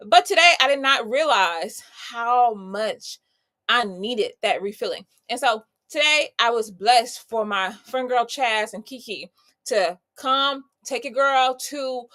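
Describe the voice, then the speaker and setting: A woman's voice: high voice, sharp tone. A woman in her thirties giving an exuberant, preachy motivational live talk, greeting viewers by name. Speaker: host.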